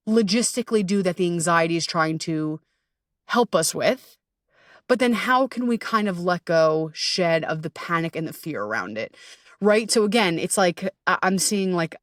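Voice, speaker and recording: A woman's voice: mid-range voice, dry recording, studio quality. A woman hosting her own podcast as an anxiety coach, talking in a chatty, candid way, swearing freely and acting out inner voices. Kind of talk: casual solo podcast monologue.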